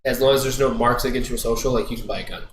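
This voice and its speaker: A man's voice: mid-range voice, level tone. A man on a podcast, explaining things casually with lots of "like" fillers. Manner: rapid, filler-heavy explaining. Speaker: podcast co-host. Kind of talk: casual chat. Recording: echoey room with faint hiss.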